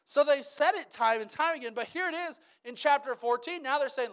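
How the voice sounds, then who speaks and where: A man preaching a sermon as pastor, animated, dropping to a hush and then rising loud. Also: very high-pitched, brisk, few pauses. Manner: swings between hushed and loud, animated.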